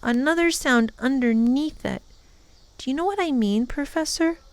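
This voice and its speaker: A man's voice: extremely high pitch, normal speed, no room sound, voice pushed up. A woman reading aloud and voicing an eager young boy who speaks in breathless, urgent bursts. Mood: excited.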